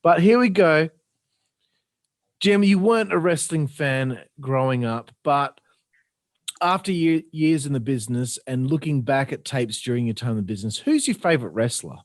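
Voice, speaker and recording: A man's voice: medium pitch, lively intonation, normal speed, no echo. A man hosting a casual wrestling podcast, laughing often and calling his guest bro. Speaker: podcast host. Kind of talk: casual interview.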